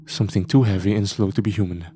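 A man narrating a horror story in a measured, steady way. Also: on the low side, a little hiss or hum.

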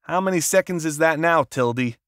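A man voicing a gruff, sardonic middle-aged literary agent who talks in a brusque, clipped, sarcastic way, read as an audiobook character. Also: a little high, brisk, fairly bright tone, no echo, studio quality, voice pushed up, lightly acted.

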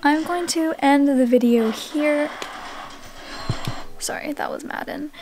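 A woman's voice: sits high, takes it slowly, music in the background. A young woman vlogging her day in a chatty, self-mocking way, sometimes dropping to a near whisper. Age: young adult. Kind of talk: casual vlog chat.

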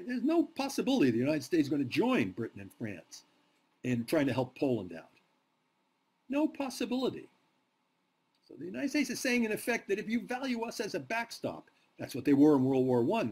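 Male history professor in a classroom, lively swooping delivery, slightly husky, drives points home with rhetorical questions. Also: on the high side, brisk. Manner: emphatic, asks rhetorical questions. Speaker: history lecturer. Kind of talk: university lecture.

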